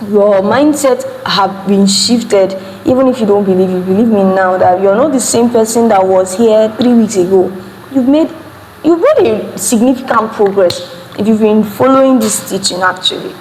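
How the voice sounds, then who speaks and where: A woman's voice: a little high, darkish tone. Young Nigerian woman, motivational youth speaker, emphatic and repetitive, heard in a reverberant hall with faint room hum. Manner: emphatic, repeats words, asks the audience questions. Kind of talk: motivational teaching to a live group.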